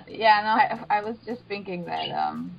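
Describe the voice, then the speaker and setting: A woman co-hosting a casual podcast chat, sarcastic and quick to swear, laughing at her own jokes. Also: mid-range voice, wildly swooping pitch. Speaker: podcast co-host. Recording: slightly dull lo-fi podcast audio.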